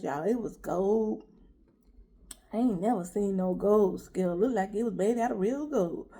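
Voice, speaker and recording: A woman's voice: on the high side, mellow, husky. A middle-aged woman vlogger chatting casually while she eats, telling a story straight to her viewers. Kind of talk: casual eat-with-me chat.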